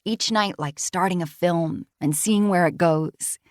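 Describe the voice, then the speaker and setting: A woman with a low, even voice reads first-person fiction for an audiobook in a calm, measured way. The sound is close and dry, with no room around it. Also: no echo. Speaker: audiobook narrator.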